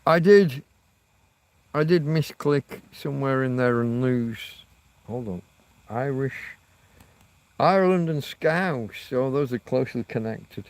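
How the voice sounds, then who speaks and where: Speaking slowly with frequent pauses, a man in a mid-range, lively voice rambles through a livestream chat. He lives in Spain, reacts to viewers' comments and drops self-mocking asides.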